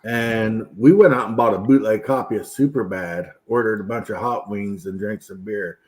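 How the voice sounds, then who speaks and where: A man chatting casually as a guest, telling relaxed, conversational anecdotes. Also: lowish voice, moderate pace. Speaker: podcast guest. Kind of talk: casual chat.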